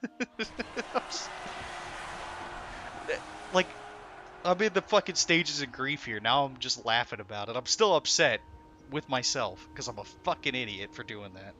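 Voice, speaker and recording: A man's voice: mid-range voice, pushed and bright. A young man streaming a game, swearing often and swinging between frustration and laughter. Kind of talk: live gameplay commentary.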